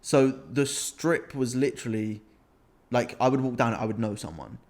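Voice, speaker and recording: A young British man swaps wild holiday stories in a loose, animated podcast chat. His voice sits at a middle pitch, and he laughs his way through the tales. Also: normal speed. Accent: British English. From Britain. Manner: animated anecdote-telling, laughs often. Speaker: podcast co-host. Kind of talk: casual storytelling chat.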